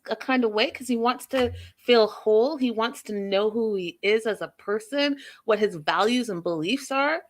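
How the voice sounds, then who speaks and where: A woman hosting a casual recap and review, giving her opinions openly and speaking straight to her viewers. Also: fairly high pitch. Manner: opinionated, animated, addresses viewers directly. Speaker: host.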